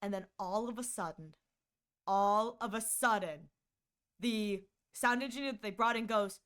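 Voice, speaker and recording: A woman streaming into a condenser mic, telling a story in a casual, animated and exasperated way, swinging between quick bursts and drawn-out words. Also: medium pitch, clean tone. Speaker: streamer and voice actor.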